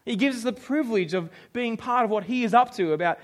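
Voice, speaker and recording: High-voiced pastor preaching. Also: male voice, fast. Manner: animated storytelling, acts out quotes. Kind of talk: sermon.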